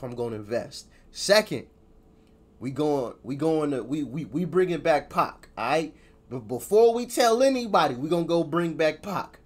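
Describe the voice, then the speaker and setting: An animated man hosts a reaction video, riffing on what he watches in loose, slangy talk. His voice sits a little high, and his pitch swings widely as he jokes. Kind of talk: casual reaction commentary.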